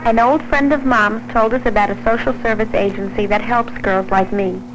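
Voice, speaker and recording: A woman's voice: fairly high pitch, steady tone, normal speed, music in the background, natural voice, poor audio. An actress voicing a scared pregnant teenage girl, narrating her story in earnest, plain first-person narration for an old educational film.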